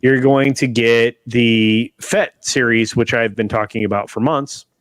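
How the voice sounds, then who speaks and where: A man hosts a casual livestream chat over a video call, heard through his webcam with no room sound. His mid-range voice keeps a fairly even intonation and an unhurried pace, yet he talks emphatically, restarting sentences and throwing in insistent asides.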